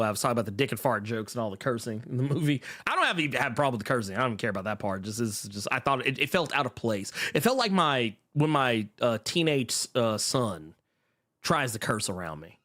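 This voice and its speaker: A man's voice: medium pitch, fairly bright tone. A middle-aged man co-hosting a podcast in casual chat, laughing often and trailing off with fillers. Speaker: podcast co-host.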